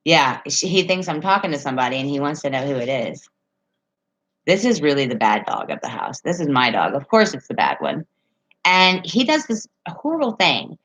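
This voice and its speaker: A woman's voice: deep voice, very animated, moderate pace, fairly bright tone, poor audio. A woman chatting casually on a live stream from home, reading viewer comments and telling rambling stories with frequent laughs.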